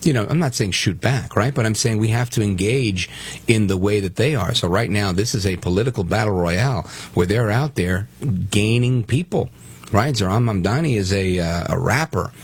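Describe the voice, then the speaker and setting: A man's voice: fairly low pitch, expressive, normal speed, breathy edge, no room sound. A man from Brooklyn guest-hosting a political talk radio show, speaking emphatically and taking callers. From Brooklyn, New York. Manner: emphatic, conversational, takes callers.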